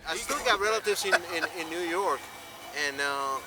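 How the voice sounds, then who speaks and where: A man's voice: high voice, expressive, normal speed, background noise. A man telling a short anecdote animatedly in an interview. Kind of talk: casual anecdote. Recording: loud music in background.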